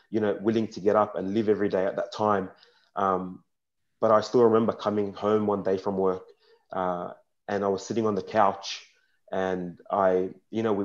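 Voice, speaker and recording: A young man on a discussion panel, telling his personal story in a frank and earnest way that turns halting and emotional in places. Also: low voice, darkish tone. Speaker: panel speaker. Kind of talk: personal testimony at a panel talk. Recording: dull lo-fi sound.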